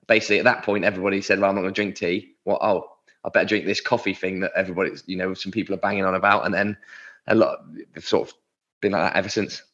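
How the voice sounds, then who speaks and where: Chatty man, low voice. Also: steady tone, rapid-fire, fairly bright tone, dull audio. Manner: chatty, rambling, fond of word origins. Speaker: podcast co-host. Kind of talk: casual chat.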